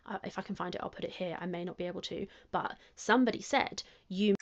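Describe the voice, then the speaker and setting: Gravelly woman explaining herself. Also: fairly low pitch, steady tone, fast, dull audio. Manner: self-justifying, repetitive. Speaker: youtuber being reacted to. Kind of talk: explaining to camera.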